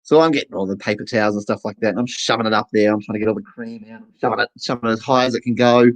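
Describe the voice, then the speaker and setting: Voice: mid-range voice, steady tone, very fast, rough recording. A performer with an Australian accent telling a self-mocking comic story and acting out the voices. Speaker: stand-up performer, voicing a deaf comedian's set. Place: online festival stage.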